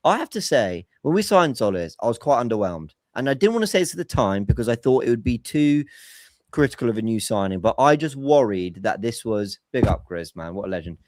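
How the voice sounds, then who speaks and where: A man hosting a football podcast from a remote call, explaining tactics in long, analytical stretches. His voice sits at a middling pitch. The sound is dry and close, with no room around it. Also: very animated, fairly quick, darkish tone, no echo. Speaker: podcast host. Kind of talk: casual football podcast chat.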